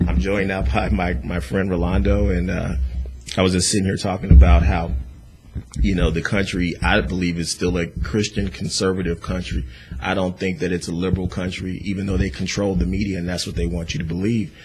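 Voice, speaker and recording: Low-voiced guy hosting talk radio, opinionated and emphatic, chatty. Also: flat delivery, a little fast, darkish tone. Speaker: radio talk show host. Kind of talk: casual political talk radio.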